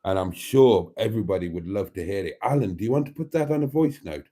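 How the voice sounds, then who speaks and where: A man chatting warmly with viewers on his live stream, camp and talkative, laughing often and calling them darlings. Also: lowish voice, lively intonation, quick pace.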